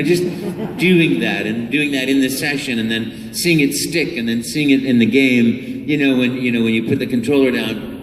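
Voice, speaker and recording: A man who is a voice actor answering fan questions at a convention panel, enthusiastic and animated, full of restarts, recorded by phone from the audience. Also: medium pitch, slight background noise. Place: large convention hall. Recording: echoey hall from far off, phone.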